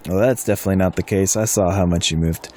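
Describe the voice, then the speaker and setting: A man's voice: sits low, steady tone, quick pace, darkish tone. A man running a tabletop wargame session, explaining rules casually and chuckling often. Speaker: game master. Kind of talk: casual tabletop game talk.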